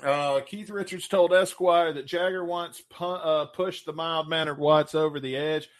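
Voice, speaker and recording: Crude, loud, joking co-host with a slightly high voice. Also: male voice, steady tone. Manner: crude, loud and jokey, with profanity; reads trivia questions out slowly. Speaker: podcast co-host. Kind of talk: casual chat.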